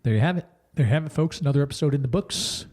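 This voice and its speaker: A man co-hosting a relaxed podcast talks in a somewhat high voice. He rambles, jokes and corrects himself mid-sentence as he works through his thoughts. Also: very fast. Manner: rambling, self-correcting, jokey. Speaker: podcast co-host. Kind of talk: casual podcast chat.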